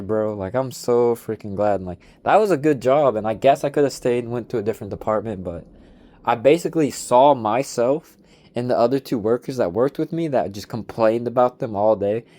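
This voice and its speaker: A man's voice: medium pitch, expressive, brisk, mellow, no echo. A young man telling a rambling story about an old job in a slangy, casual rant full of "like" and "dude".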